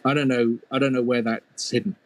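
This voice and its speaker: A man's voice: medium pitch, flat delivery, a little fast, no room sound. Playful male storyteller with funny asides. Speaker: storyteller and mythologist. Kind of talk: oral storytelling of a folk tale.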